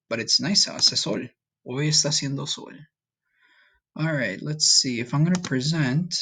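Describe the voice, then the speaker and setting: A man teaching a recorded language lesson, patient and slow, often checking in with "okay?". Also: a little high, a bit bright. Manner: speaks slowly for learners to repeat. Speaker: Spanish teacher.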